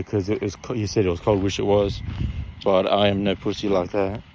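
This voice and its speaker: A man's voice: fairly low pitch, warm tone, a little hiss or hum. A young man telling a story in a casual, rambling way, often repeating and correcting himself.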